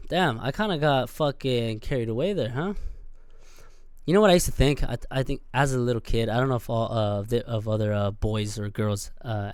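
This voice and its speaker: A young man hosting a podcast, ranting in an animated, profane way and acting out scenes with sudden loud outbursts. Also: mid-range voice, smooth, no echo, clean studio sound. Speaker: podcast host. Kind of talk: profane solo rant.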